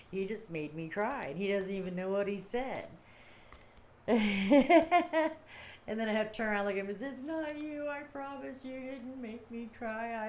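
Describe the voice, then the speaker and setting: A woman's voice: lowish voice, slight background noise. A middle-aged woman hosting a livestream, talking casually in a rambling, chatty way and laughing often. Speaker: livestream host. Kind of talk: casual chat.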